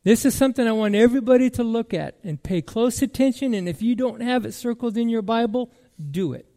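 A man preaching a sermon as pastor, emphatic and repetitive, moving between loud declarations and quiet musing. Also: extremely high pitch, lively intonation, fairly quick.

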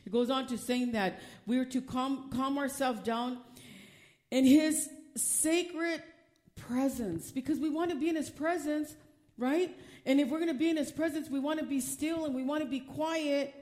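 Woman, pastor, sermon, high-pitched, emphatic, asks the congregation questions. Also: moderate pace, a little mellow.

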